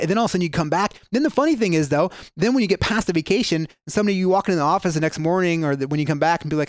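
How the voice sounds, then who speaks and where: A man with a highish voice talks rapid-fire, barely pausing, as a guest speaker on mindset in a casual podcast conversation. An animated storyteller, he acts out the people he quotes and frequently restarts sentences. The studio recording is clean, with no room sound.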